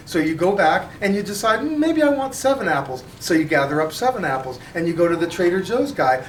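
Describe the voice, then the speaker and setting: A male high school physics teacher giving a lively, joking classroom lecture, recorded by a camera at the back of the room. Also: a little fast, few pauses, a little hiss or hum. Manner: animated, jokey, acts out customer voices. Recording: roomy classroom audio from a distance.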